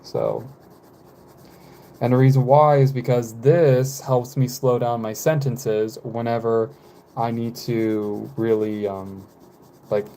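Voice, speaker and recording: Halting twenties man, mellow voice. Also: medium pitch, slight background noise. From United States. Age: 20s. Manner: rambling, halting, with many fillers and pauses. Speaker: live streamer. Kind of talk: casual live-stream chat.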